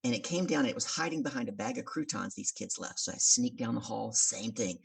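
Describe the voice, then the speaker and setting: A woman, a business coach and podcast guest, telling a story in an animated way and acting out the voices of the people in it. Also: rumbling low, fast talker, gravelly, few pauses, breathy edge, far from the mic.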